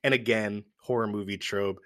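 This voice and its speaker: A man's voice: lowish voice, moderate pace. A man hosting a podcast, chatting casually about a film, swearing often and laughing as he tells it. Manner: profane, laughing, animated storytelling. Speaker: podcast host. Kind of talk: casual chat.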